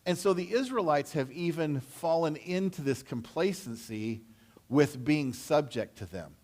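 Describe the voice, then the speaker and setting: A man's voice: a little high, animated, a little slow, darkish tone. Man preaching a casual sermon. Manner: conversational storytelling, acting out voices. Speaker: pastor. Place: church sanctuary.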